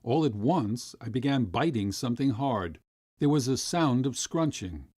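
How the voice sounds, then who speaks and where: A man reading a classic short story aloud as an audiobook narrator, with expressive storytelling. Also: a little slow, no room sound, clean studio sound. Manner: expressive storytelling, rising high for quoted voices.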